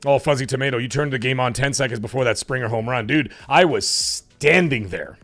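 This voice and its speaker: A man with a hoarse, cracking voice hosting a live stream, chatting casually and rambling with fillers as he thanks viewers. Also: medium pitch, brisk, fairly bright tone, faint music behind. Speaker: livestream show host.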